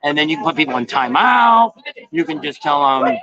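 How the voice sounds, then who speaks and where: A man's voice: a little high, very animated, a little fast, lo-fi sound, a crowd in the background. A man hosting a casual live-stream travel vlog, rambling and folksy, often correcting himself. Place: noisy bar with a crowd.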